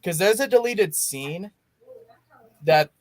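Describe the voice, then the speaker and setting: A man's voice: high-pitched, animated, takes it slowly, dry recording. A young man hosting a casual movie watch-along, rambling enthusiastically with frequent restarts. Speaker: podcast host.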